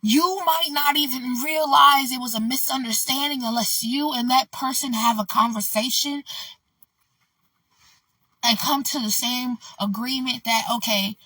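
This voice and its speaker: A woman with a bright, fairly high voice tells a storytime vlog in a loose, rambling and candid way, leaning on "like" and "you know". She sits a little off the mic in a dry-sounding space. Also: slightly rough, dry recording, distant mic, poor audio. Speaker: vlogger.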